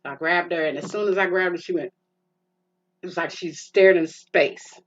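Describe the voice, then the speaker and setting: A woman's voice: on the low side, normal speed. A middle-aged woman hosting a podcast, telling a personal story in an emotional, rambling way with many restarts, and calling the listener "girl". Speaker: podcast host. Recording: muffled lo-fi with faint hiss.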